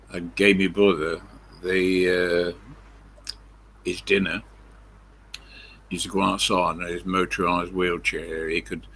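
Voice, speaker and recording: An older man, rambling through a story on his live stream, full of pauses and fillers. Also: low-pitched, fairly bright tone, slightly rough.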